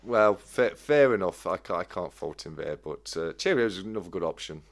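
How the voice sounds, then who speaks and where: Low-voiced guy hosting a live chat, friendly, lots of stops and restarts. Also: animated. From United Kingdom. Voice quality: friendly, halting delivery with frequent restarts. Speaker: livestream host. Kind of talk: casual live-stream chat, reading viewer comments.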